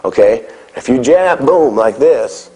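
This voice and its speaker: Coaching his martial arts students in a live class, this middle-aged instructor barks out drills and keeps asking "okay?". He speaks slowly but with animation, in a medium-pitched, dark voice, on a rough recording.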